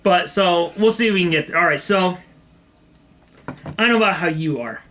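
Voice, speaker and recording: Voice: medium pitch, expressive, normal speed, a bit bright, slight background noise. A podcast co-host chatting casually and telling a story, laughing often along the way. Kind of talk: casual comedy podcast chat.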